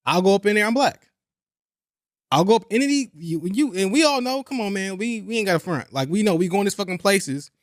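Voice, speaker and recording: Young guy on a podcast, higher voice, dry close sound, swears a lot and keeps hammering his point. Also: no room sound. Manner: animated, profane, repeats himself for emphasis. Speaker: podcast host. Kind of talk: casual chat.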